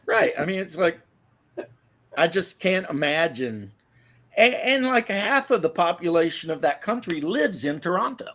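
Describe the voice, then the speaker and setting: A man from the American South hosts a loose podcast chat with a slightly high voice. He rambles through profane, joking stories. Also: sing-song, measured pace, a bit bright. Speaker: podcast host.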